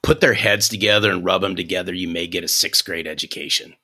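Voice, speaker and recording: A man in his fifties, a sales coach guest on a podcast, telling a story in an animated, folksy way. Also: sits low, fast talker. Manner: animated, restarts sentences, folksy.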